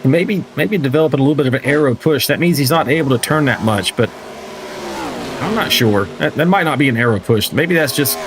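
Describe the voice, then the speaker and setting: Brisk and expressive, a man with a mid-range voice runs live commentary on a simulated stock car race as engines roar in the background. His style is conversational, with joking asides and viewer chat read aloud along the way.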